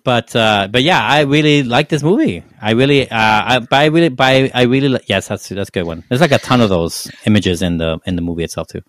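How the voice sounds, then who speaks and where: A man's voice: mid-range voice, a little fast, few pauses, a bit bright, dry recording. A man co-hosting a casual movie review chat, rambling with many restarts. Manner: rambling, frequent restarts and fillers. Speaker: podcast co-host.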